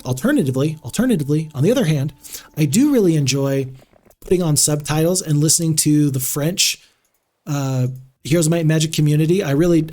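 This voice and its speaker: A man's voice: fairly high pitch, a little mellow. A man commentating a strategy game on a live stream, chatty and rambling with frequent restarts.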